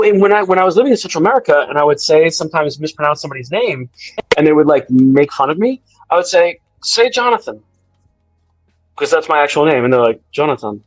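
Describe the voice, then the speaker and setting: A man's voice: a little high, no room sound, poor audio. A man co-hosting a casual live-stream chat, telling stories animatedly and laughing often.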